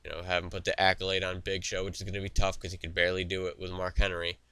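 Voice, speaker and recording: A man's voice: low-pitched, monotone, quick pace, bright, forceful tone, smooth, no echo. A young man hosting a wrestling talk show, giving his opinions in a rambling, opinionated way with frequent fillers and restarts, recorded in a studio. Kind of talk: solo opinion commentary.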